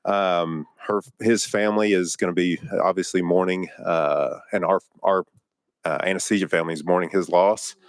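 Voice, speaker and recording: A man's voice: low voice, steady tone, moderate pace, no echo. A man chairing a legislative committee hearing, running votes in a plain, procedural way with frequent fillers, speaking into a desk microphone.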